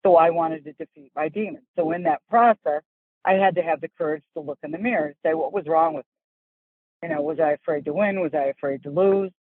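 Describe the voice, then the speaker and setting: A woman's voice: low voice, fast talker, no room sound. Woman talking over a tinny phone line. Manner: animated, acts out voices in her stories. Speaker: golf instructor, guest. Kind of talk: candid storytelling interview. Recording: dry, phone-like call audio.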